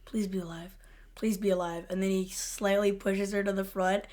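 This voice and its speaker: A woman's voice: mid-range voice, flat delivery, moderate pace, darkish tone. Laughing woman retelling TV scenes. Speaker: podcast co-host. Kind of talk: casual chat retelling TV scenes.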